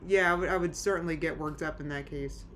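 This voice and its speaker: A woman's voice: low-pitched, fairly even intonation, fast talker, a bit bright, a little hiss or hum. A woman streaming from home, chatting casually with her live chat in a rambling, anxious way, full of restarts. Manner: rambling, anxious, many restarts and nervous laughs.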